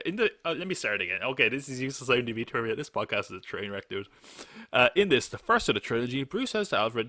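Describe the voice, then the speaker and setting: A man's voice: medium pitch, very animated, fast talker, bright, forceful tone, no room sound. A man hosting a live podcast in a casual chat, rambling and joking and laughing often. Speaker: podcast host.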